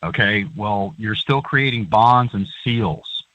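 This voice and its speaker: A man's voice: lowish voice, slow pace, a bit bright, no room sound. A man speaking as a guest on a talk show, earnest and rambling, with plenty of fillers. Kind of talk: call-in talk show chat. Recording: dry, dull lo-fi line.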